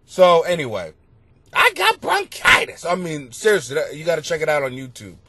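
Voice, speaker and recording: Animated, profane comedian ranting. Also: male voice, on the high side, fast, husky, no room sound. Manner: rambling, profane, bursts into loud exclamations. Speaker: comedian podcast host. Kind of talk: comedic storytelling monologue. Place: basement at home.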